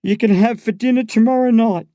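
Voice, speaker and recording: A man voicing a drunk, wheezing father lying on an ambulance gurney, speaking with rough tenderness. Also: very high voice, fairly quick, mellow, no room sound, voice pushed up. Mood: tender.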